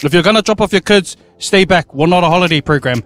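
A man hosts a live radio cross from an outdoor community day. His voice sits high and he keeps it upbeat and joking. Faint music plays behind him. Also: fast, hardly any pauses, fairly bright tone. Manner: upbeat, joking, talks with his mouth full. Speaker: radio host.

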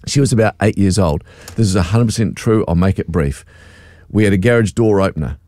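A man's voice: deep voice, brisk, no room sound, studio quality. A middle-aged man hosting breakfast radio, telling a story casually, self-mocking and acting out what was said. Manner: animated, self-mocking, acts out quotes. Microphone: studio microphone.

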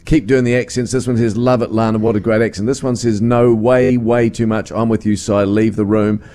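A man's voice: on the low side, flat delivery, a little fast, warm tone. A man hosting a breakfast radio show, teasing his co-host and laughing often. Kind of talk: casual radio banter.

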